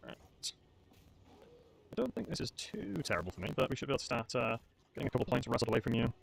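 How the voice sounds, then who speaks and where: With a creaky, sing-song mid-range voice, this young man talks fast while playing a tournament match in a strategy game on his live stream. He chats casually and pokes fun at himself throughout.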